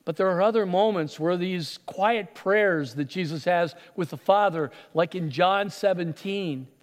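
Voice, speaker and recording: High-voiced man preaching in a hall. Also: a little slow. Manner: animated storytelling, acts out voices. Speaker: pastor. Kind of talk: sermon.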